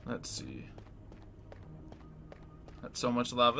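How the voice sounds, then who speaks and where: A man's voice: lowish voice, normal speed. Laid-back man streaming over music. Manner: relaxed, rambling, talking to chat between tasks. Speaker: game streamer. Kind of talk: casual live-stream chat while playing. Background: background music.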